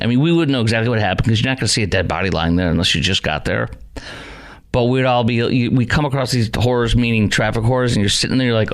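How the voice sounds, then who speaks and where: A man's voice: lowish voice, fairly quick. A man hosting a talk radio show, arguing with emphatic rhetorical questions into a studio microphone.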